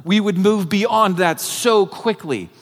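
A man preaching a sermon as pastor, earnest and conversational, often filling pauses with "like". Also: sits high. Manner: conversational, earnest, many filler "like"s. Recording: long hall reverb.

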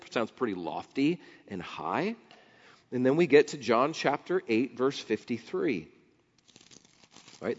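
Animated preacher in a big reverberant hall. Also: male voice, mid-range voice. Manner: animated, rising to near shouts on key points; quotes scripture and acts out the crowd's voices. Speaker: pastor. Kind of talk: sermon. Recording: dull sound with long hall reverb.

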